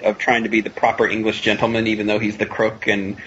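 A man's voice: on the low side, monotone, quick pace, a bit bright. A man co-hosting a podcast, discussing a film casually and searching for his words. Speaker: podcast co-host. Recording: lo-fi with faint noise.

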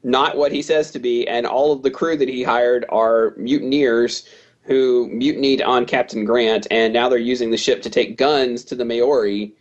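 A man's voice: medium pitch, steady tone, normal speed, lo-fi sound. A man co-hosting a casual movie podcast, recapping the plot and playfully acting out characters' lines in a raised voice. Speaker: podcast co-host.

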